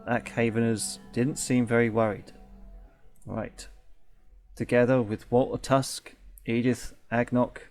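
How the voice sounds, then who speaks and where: A man's voice: medium pitch, flat delivery, unhurried, darkish tone, soft background music. A man hosting a let's play, reading the game's text aloud and chatting, correcting himself and laughing often.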